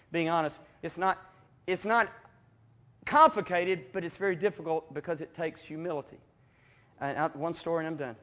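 Man, preacher, folksy storytelling, somewhat high voice, muffled lo-fi recording. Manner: folksy, animated storytelling with chuckles. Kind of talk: storytelling sermon. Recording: dull lo-fi recording.

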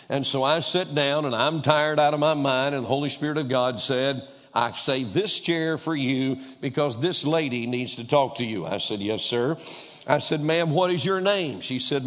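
A man's voice: mid-range voice, a bit bright. A man preaching a sermon in a church, telling a story with quoted dialogue and repeating his key points for emphasis. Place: church sanctuary. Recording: long reverb of a large hall.

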